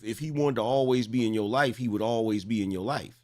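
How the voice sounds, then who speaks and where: A commentary host in his forties reacts to material with mocking incredulity, pressing the same question again and again. His mid-range voice is a little mellow and fairly quick.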